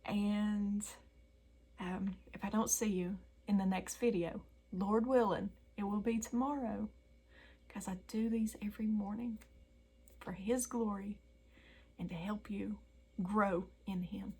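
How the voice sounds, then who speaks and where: A woman hosting a daily devotional video, talking earnestly and emotionally to her viewers and often dropping to a soft whisper. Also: medium pitch, fairly even intonation, unhurried, breathy edge. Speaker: Christian YouTube devotional host.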